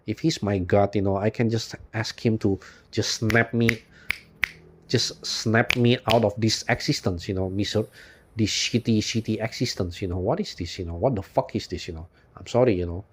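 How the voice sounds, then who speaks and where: A man talking in an unscripted monologue for his channel, rambling and weary, filling every pause with "you know" and swearing often. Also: fairly low pitch, fairly even intonation, a little hiss or hum. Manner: weary, despondent and emotional. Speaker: YouTube channel host.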